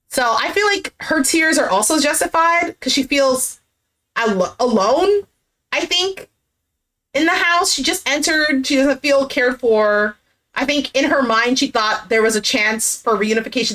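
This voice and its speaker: A woman's voice: sits high, expressive, moderate pace, a bit bright. A woman chatting casually as she recaps a reality dating show, acting out what people said and swearing now and then.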